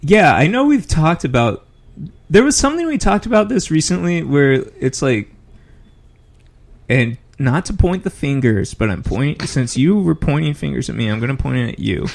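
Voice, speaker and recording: A man co-hosting a podcast in casual chat, measured and deadpan. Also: a little high, gravelly. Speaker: podcast co-host.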